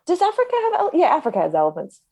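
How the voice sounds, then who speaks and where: A woman's voice: high voice, wildly swooping pitch, racing, a little mellow. An Australian woman guesting on a podcast, chatting casually with dry jokes.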